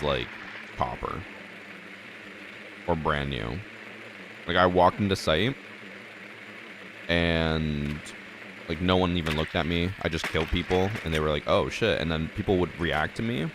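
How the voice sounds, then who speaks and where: A young man chatting casually while live-streaming a game, relaxed and rambling with lots of "like" fillers. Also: low-pitched. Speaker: gaming streamer. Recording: steady clicking noise in background.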